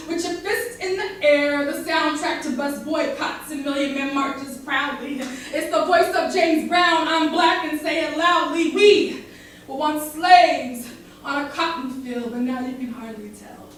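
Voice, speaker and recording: A young woman performing spoken word poetry with rhythm and dramatic pauses at a live event in a barber shop. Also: sits high, fairly bright tone, a little hiss or hum. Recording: echoey room heard from far off.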